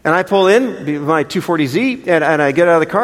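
An older man preaching a sermon, telling a story in an animated, chatty way with frequent restarts. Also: fairly high pitch, a little fast, few pauses. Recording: long reverb of a large hall.

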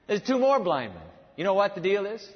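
A man preaching in a large church with a balcony, and his voice carries a long echo through the hall. He sits a little higher than most men and has a theatrical delivery, rising to loud exclamations and then dropping to hushed, low asides. The sound is slightly dull. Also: very animated, brisk. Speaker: pastor. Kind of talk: sermon.

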